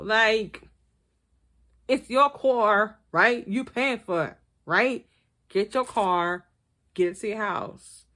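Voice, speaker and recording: A woman giving blunt, profane, animated commentary as she reviews a reality TV episode. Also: medium pitch, slow, pauses often. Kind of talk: casual commentary vlog.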